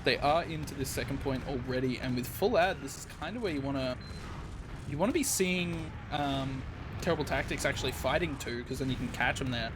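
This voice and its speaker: A man's voice: medium pitch, brisk, background noise. Laid-back man casting esports. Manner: laid-back, self-deprecating, laughs often. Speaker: esports play-by-play caster. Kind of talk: live esports commentary.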